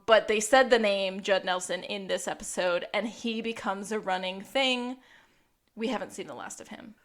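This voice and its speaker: Woman cohosting a podcast, chatty and loose, lots of "like", laughs a lot, mid pitch. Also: steady tone, moderate pace. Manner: chatty, laughs often, filler "like". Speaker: podcast co-host. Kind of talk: casual chat.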